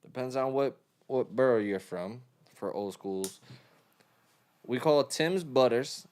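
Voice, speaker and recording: A man's voice: medium pitch, unhurried, a little mellow, clean tone. A young man with a New York accent who mixes songs and chats loosely with viewers on a live stream, swearing freely. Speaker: mixing engineer streaming live. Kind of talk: casual livestream chat.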